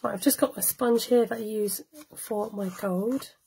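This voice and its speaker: A woman's voice: mid-range voice, steady tone, a little slow, gravelly, dark tone, slight background noise, rough recording. A chatty woman giving a live cardmaking tutorial, laughing often and greeting viewers by name as she works. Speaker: cardmaking demonstrator. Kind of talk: live-streamed craft tutorial.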